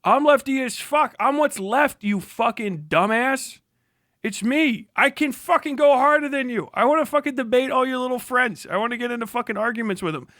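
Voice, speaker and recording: Stream host, 30s man, very high and bright voice, profane and furious, dry close sound. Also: normal speed, dry recording. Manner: profane, shouting insults, bursts of laughter. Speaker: livestream host. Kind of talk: angry livestream rant.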